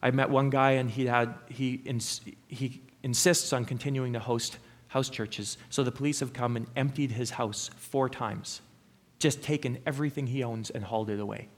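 A man's voice: medium pitch, steady tone, moderate pace. A middle-aged man preaching a sermon, telling stories in an earnest way with frequent "um" and "uh" fillers.

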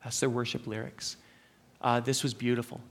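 A man's voice: mid-range voice, flat delivery, moderate pace, creaky. A middle-aged man preaching a sermon, telling stories in an earnest way with frequent "um" and "uh" fillers.

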